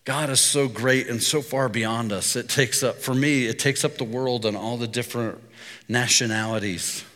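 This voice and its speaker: A middle-aged man preaching a sermon, his voice bright and forceful. He talks like a storyteller, easy and conversational, and the sound rings out with the long reverb of a church hall. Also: medium pitch, fairly even intonation, normal speed. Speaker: pastor.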